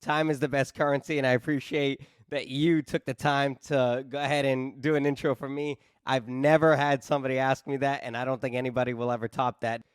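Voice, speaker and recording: A man's voice: medium pitch, little pitch movement, a little fast, hardly any pauses, smooth, dry recording, clean studio sound. A man hosting a podcast with a New England accent, chatting casually and enthusiastically, swearing freely and calling his guest dude. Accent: New England (Boston). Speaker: podcast host.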